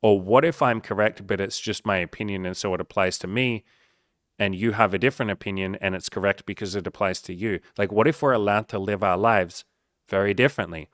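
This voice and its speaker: A man coaching straight to camera, his voice on the low side and recorded in a dry space. He speaks bluntly and emphatically, cursing freely as he pokes fun at self-doubt. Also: fairly quick, a bit bright, no echo. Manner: blunt and profane, heavy swearing; emphatic, mocks the listener's inner voice. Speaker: life coach. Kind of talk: motivational monologue.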